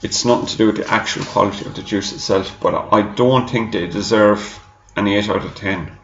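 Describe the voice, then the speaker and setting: Low-voiced man, echoey room. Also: steady tone, moderate pace, muffled recording, noisy background. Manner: rambling and chatty, repeats himself. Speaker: e-liquid reviewer. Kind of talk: casual product review to camera.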